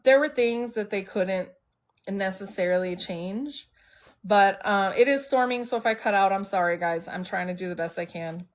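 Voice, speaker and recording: A woman's voice: medium pitch, fairly bright tone. A woman in her thirties, hosting a live stream, telling her own recovery story openly and bluntly, sounding stuffy from allergies. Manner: open and emotional, speaks bluntly. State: congested from allergies. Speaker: livestream host. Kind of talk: candid personal storytelling.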